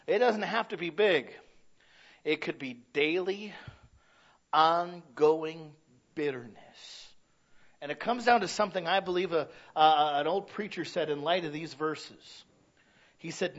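A man's voice: fairly high pitch, a bit bright. A man preaching a sermon in a conversational, plainspoken way with self-deprecating humor. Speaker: pastor. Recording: slightly dull lo-fi sound.

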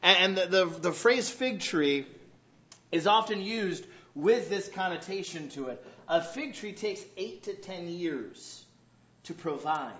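A man's voice: sits high, expressive, unhurried, fairly bright tone. A man preaching a sermon as a pastor, joking and acting out little scenes with quoted voices. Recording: roomy, dull lo-fi sound.

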